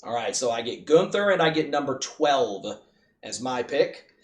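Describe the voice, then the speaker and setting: A man's voice: medium pitch, sing-song. Emphatic man, echoey and distant. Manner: emphatic, drawn-out opinions. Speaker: podcast co-host. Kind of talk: casual wrestling chat. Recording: echoey room, distant from mic.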